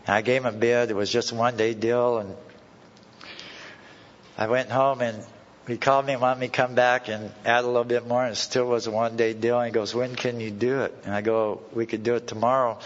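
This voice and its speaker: A man's voice: mid-range voice, flat delivery, fairly quick. A man telling a personal story to a recovery meeting in blunt, folksy words with plain slang. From California. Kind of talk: personal story told to a live audience. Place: meeting hall. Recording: dull old tape recording with long hall reverb.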